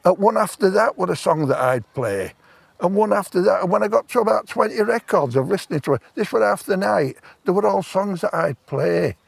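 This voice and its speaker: A man in his 70s, a stranger on a park bench outdoors, tells a long personal story in plain, rambling speech. His voice is high-pitched and brisk with lively intonation, vocal fry, and a breathy edge, and there's no room sound.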